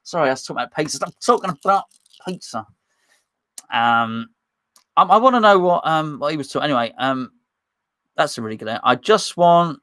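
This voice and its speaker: A chatty man hosts a live fan stream, talking in a slightly high voice as he reads out viewer comments. He rambles, restarts sentences and fills gaps with ums. The sound is dry and close, with no room around it. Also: lively intonation, a little fast, pauses often, fairly bright tone, no echo.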